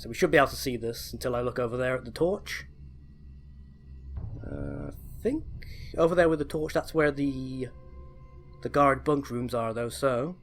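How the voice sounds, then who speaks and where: A man chats his way through a stealth game, eager and rambling, often correcting himself mid-sentence. His pitch sits in an ordinary middle range. Faint music plays quietly underneath. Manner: chatty, enthusiastic, self-correcting. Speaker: let's play host. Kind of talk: casual gameplay commentary.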